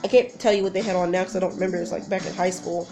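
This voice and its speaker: A woman's voice: fairly low pitch, fairly even intonation, very fast, warm tone, faint music behind. A woman in her twenties telling a personal story in a casual, rambling, emotional way, full of fillers and restarts. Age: 20s. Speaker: vlogger.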